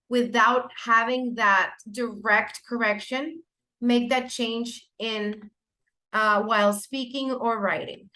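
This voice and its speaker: A woman's voice: on the high side, a bit bright. A woman whose first language is Spanish, giving a teacher-training lecture in an explanatory way, with fillers and self-corrections.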